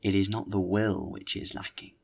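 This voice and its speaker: A man voicing a suspicious police inspector who speaks slowly, stressing every word. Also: low voice, fairly even intonation, vocal fry. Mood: cold. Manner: slow, pointed, emphasizing every word.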